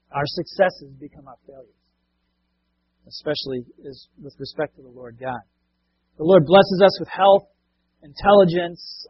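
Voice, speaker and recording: A man's voice: a little high, breathy edge, lo-fi sound. A man preaching a sermon as a pastor, talking conversationally and often asking the congregation rhetorical questions.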